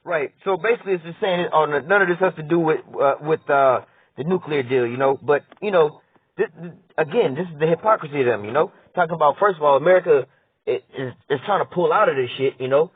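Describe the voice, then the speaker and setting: A man's voice: fairly high pitch, fast talker, slightly rough. A man giving a heated, profane political rant. He reads news lines aloud and argues back at them. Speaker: political commentator. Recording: tinny phone-like dry audio.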